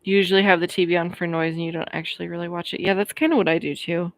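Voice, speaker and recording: A woman in her thirties from Colorado, chatting casually on a livestream and answering viewers' comments. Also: on the low side. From Colorado, USA. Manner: chatty, friendly, quick to laugh. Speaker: livestream host. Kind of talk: casual chat reading live comments.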